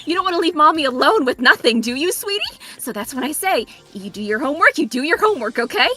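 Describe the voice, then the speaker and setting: A woman's voice: high voice, big pitch swings, fast, pushed and bright, faint music behind, pitched above the performer's own voice, full character voice. A woman voicing a middle-aged suburban mom who is authoritative and passive-aggressive, with a sugary, scolding, guilt-tripping manner. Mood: sweetly menacing.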